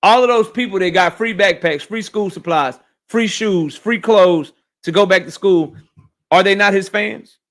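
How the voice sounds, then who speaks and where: A man with a high, bright, forceful voice hosting a boxing livestream. He rants fast and profanely, answering his chat in a loose, heated commentary style. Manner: animated, profane, rapid rants reading chat.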